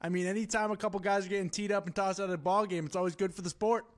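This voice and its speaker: A man's voice: high-pitched, steady tone, very fast. A man from Boston chatting about sports in an upbeat, agreeable way as a guest on a talk show. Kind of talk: casual sports chat.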